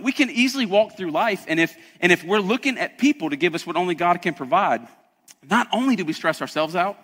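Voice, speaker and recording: A man's voice: high-pitched, sharp tone, in a large hall. A man preaching a sermon as pastor, emphatic and conversational, often calling out to the congregation.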